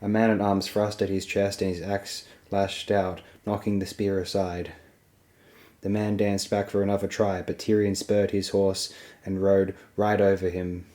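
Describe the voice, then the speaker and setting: A man reading a fantasy novel aloud as an audiobook, in a steady, even storytelling manner. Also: deep voice, a little slow. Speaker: audiobook reader.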